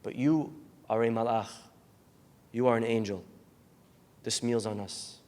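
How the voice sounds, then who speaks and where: A rabbi with a mid-range voice gives a sermon at a measured pace, full of storytelling. He animatedly acts out the people in his stories and shouts in bursts. The recording has a long hall reverb.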